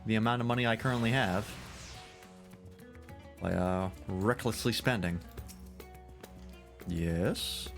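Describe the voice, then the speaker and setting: Low voiced streamer guy, wry jokey game commentary, quiet music behind. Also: normal speed, long pauses. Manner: wry, joking asides. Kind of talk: casual gameplay commentary.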